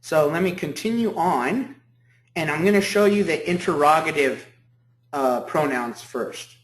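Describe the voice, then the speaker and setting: A man lectures as a professor in a room with a lot of echo. His voice sits a little high, and he repeats each key point, then checks with "okay?". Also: unhurried. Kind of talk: university lecture. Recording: echoey room.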